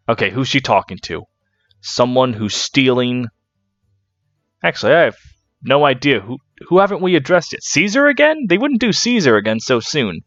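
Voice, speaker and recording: A man's voice: medium pitch, very animated, moderate pace, fairly bright tone, no room sound, lo-fi sound, soft background music. A man giving casual, jokey commentary on a game he is playing, laughing and swearing freely. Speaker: let's play commentator.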